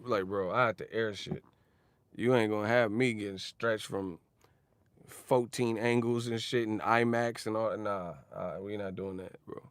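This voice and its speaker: A man ranting casually about boxing, animated and profane, laughing often. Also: lowish voice, unhurried, clean tone, no echo, studio quality. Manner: animated, profane, laughs often, mocks others with sudden shouts. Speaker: boxing commentator.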